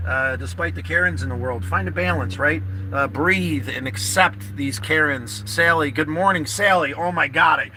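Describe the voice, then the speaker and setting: A man's voice: fairly high pitch, normal speed, hardly any pauses, noisy background. A man chatting casually to livestream viewers from his parked car, rambling and earnest, repeating himself and swearing freely. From New York State.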